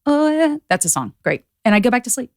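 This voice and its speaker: A woman guest on a podcast, chatting casually and acting out quotes with lively voices. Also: medium pitch, fast, no echo, studio quality. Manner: animated storyteller acting out quotes. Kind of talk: casual chat.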